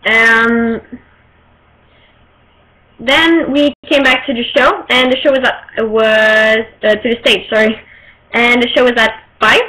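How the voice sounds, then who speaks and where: A young woman whose first language is French, telling a rambling, excited story in a casual vlog and often searching for her words. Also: a little high. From Quebec, Canada. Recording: poor-quality home recording.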